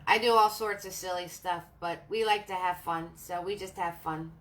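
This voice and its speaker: A woman hosting a live painting class, chatting warmly with viewers, laughing often and talking through each brushstroke. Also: fairly low pitch, steady tone, moderate pace, a little hiss or hum. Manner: friendly, laughs often, narrates each step. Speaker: paint party host and art instructor.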